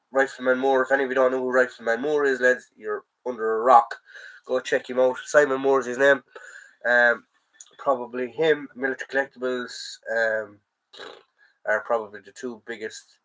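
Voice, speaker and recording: Irish host with a sore throat for a casual chat stream: lowish, bright, forceful voice, rambles and reacts to comments. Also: male voice, poor audio.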